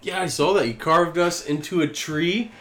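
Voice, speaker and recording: A tired man hosting a podcast in loose, relaxed casual chat, with some restarts. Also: a little high, normal speed. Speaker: podcast host.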